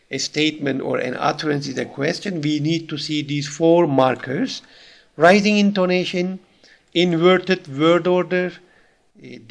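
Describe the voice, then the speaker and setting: Male lecturer with a Turkish accent; a bit high-pitched with a gravelly edge; steady teaching delivery. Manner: reads examples aloud, explains step by step with fillers. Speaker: university lecturer. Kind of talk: recorded lecture.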